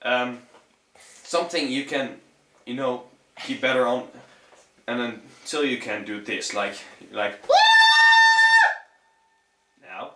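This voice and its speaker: A young man with a Dutch accent talks through a casual how-to in loose, swearing, easygoing English. His voice is bright and forward, though he sits back from the mic in an echoey room. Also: medium pitch, slow, pauses often, distant mic, a little hiss or hum. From Netherlands. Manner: rambling, profane, laid-back. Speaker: vocal tutorial vlogger.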